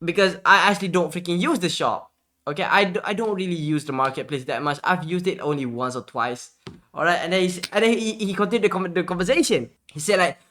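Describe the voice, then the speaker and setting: A male streamer telling a storytime vlog in an animated, exasperated way, full of slangy asides. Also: high voice, a little fast.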